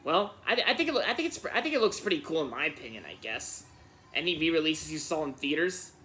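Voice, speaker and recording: A man reads viewer questions aloud and answers them in a relaxed, casual way. His voice is bright and sits a little high, and he stumbles, repeating words and restarting his sentences as he thinks. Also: fast. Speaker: Q&A channel host.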